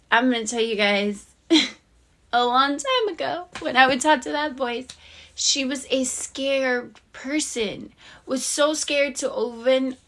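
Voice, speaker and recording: A woman vlogger speaks in a fairly high voice, chatting casually and earnestly to her viewers. Her tone is encouraging and motivational, with a loose, conversational flow. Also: a bit bright. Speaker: YouTube vlogger. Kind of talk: casual motivational vlog talk.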